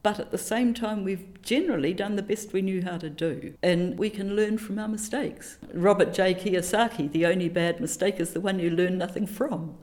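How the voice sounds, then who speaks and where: A middle-aged woman from New Zealand, a teacher educator telling stories in an interview, animated and self-deprecating, fond of quoting little sayings. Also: mid-range voice, normal speed, few pauses. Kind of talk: reflective conversational interview.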